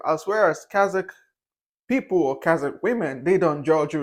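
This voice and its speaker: With lively intonation and a moderate pace, a young male vlogger with a distinctly high voice rambles candidly through his opinions in an unscripted monologue. Fillers such as "uh" and "you know" pop up constantly, and he frequently restarts his sentences.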